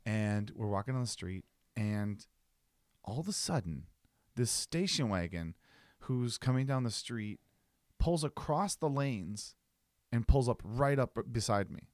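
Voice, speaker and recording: An animated man co-hosting a podcast, his voice swinging up and down as he tells a story. He puts on quick voices for the people in it. The sound is dry and close. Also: medium pitch, no echo. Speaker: podcast co-host. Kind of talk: casual chat, storytelling.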